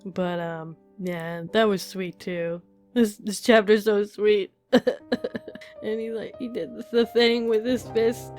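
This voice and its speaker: A woman's voice: medium pitch, fairly even intonation, slow pace, darkish tone, soft background music. A woman giving a casual, emotional spoken review of a manga chapter, laughing often and gushing, with many fillers. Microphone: desk mic while reading.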